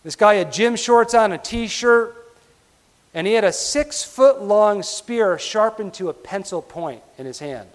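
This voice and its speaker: A man preaching a sermon as pastor, emphatic, often dropping to a quiet, low delivery. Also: animated, measured pace. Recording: long hall reverb.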